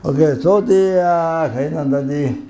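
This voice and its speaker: A man giving a Buddhist teaching, halting and full of fillers, often breaking into laughter. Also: a little high, mellow. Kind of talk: dharma teaching. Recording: echoey hall ambience, faint noise.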